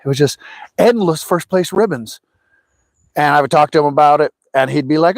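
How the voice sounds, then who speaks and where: A man's voice: on the high side, normal speed, vocal fry, no room sound. A middle-aged man hosting a fishing livestream, telling rambling, anecdotal stories in a casual chat. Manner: rambling and anecdotal, lively voices for quotes.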